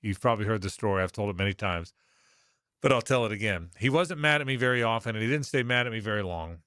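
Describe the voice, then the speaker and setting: A middle-aged man from Jacksonville, Florida, hosting sports talk radio, has a fairly low pitch, a sharp but clean tone, lively intonation, and a quick pace. He spins a long, meandering tale, fixing details mid-story and voicing the people he quotes. There's no echo in the clean studio recording.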